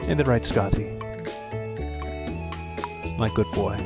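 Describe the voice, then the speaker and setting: A man's voice: lowish voice, slow pace. A man giving casual gameplay commentary, chatting and explaining tips to his viewers. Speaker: let's play streamer. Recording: game music behind the voice. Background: game music.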